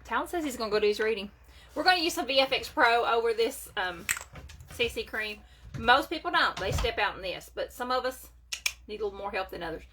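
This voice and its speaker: Her pitch is fairly high and expressive, her pace a little fast, with some background noise. Streaming live from home through a phone or webcam, this woman chats casually with viewers, greeting them by name as she does her makeup.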